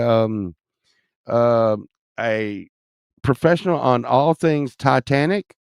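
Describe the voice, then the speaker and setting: A man's voice: medium pitch, gravelly, darkish tone, clear, resonant tone, dry recording, clean studio sound. Rambling, profane man vlogging. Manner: rambling, profane, jumps between topics. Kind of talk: rambling casual vlog chat.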